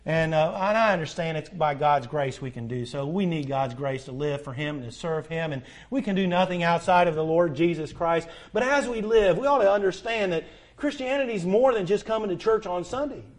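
A man's voice: fairly high pitch, lively intonation, fairly quick, hardly any pauses. A middle-aged man preaching a sermon as pastor, building to emphatic peaks and asking the congregation repeated questions.

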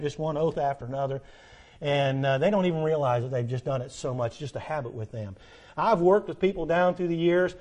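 A middle-aged man preaching a sermon earnestly, dropping low at the ends of lines and rising for emphasis. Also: a little mellow. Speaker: pastor.

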